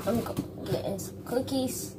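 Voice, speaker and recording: A woman's voice: on the high side, unhurried. A woman chatting casually to her phone camera at home as a vlogger, calling her viewers y'all. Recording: loud background noise.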